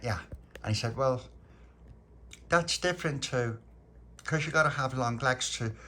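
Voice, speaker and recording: Bright-voiced man telling a childhood tale. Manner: chatty, rambling, acts out children's voices in a raised pitch. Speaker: storyteller. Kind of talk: spoken storytelling of a childhood memory.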